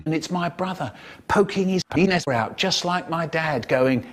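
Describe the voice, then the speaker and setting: A man performing comic stories for an audience, playful and animated, with sound effects along the way. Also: a little high, normal speed. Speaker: storyteller.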